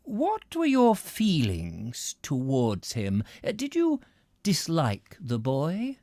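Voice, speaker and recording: A man voicing a placid, probing official in an audiobook reading, speaking slowly and softly. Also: a little high, wildly swooping pitch, no echo, studio quality, pitched above the performer's own voice, exaggerated voice. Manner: slow, soft and unhurried, drawn-out questions. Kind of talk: audiobook character voice.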